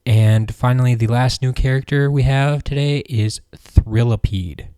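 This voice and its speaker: A man hosting a casual fan news roundup, relaxed and rambling with plenty of ums and restarts. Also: mid-range voice, a little slow, clean tone, no echo, clean studio sound. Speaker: host of a fan news show.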